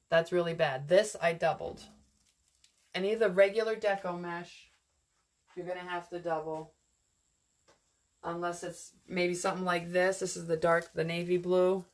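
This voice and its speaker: A woman giving a casual, rambling live craft lesson on wreath making, chatting with viewers and answering their comments as she works. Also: on the low side.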